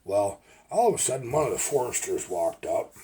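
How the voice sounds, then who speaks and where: A man's voice: medium pitch, big pitch swings, moderate pace, mellow, slightly rough. An older man, a logger turned video maker, telling rambling folksy stories in a casual vlog. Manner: rambling folksy storytelling with restarts. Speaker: retired logger vlogger.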